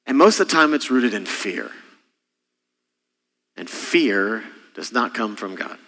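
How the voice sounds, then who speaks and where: A middle-aged man preaching a sermon as senior pastor, impassioned, with sudden soft drops. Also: on the low side, very animated, slow pace, big-room sound.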